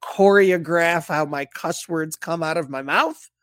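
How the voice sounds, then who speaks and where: A man co-hosting a casual podcast, talking in an animated way, laughing often and cursing. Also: a little high, unhurried, no echo, studio quality. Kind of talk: casual banter.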